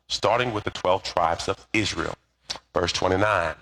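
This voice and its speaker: A man's voice: sits low, unhurried, gravelly, a little hiss or hum. A middle-aged male pastor preaching a sermon, telling stories and calling for responses from the congregation. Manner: animated storyteller with call-and-response.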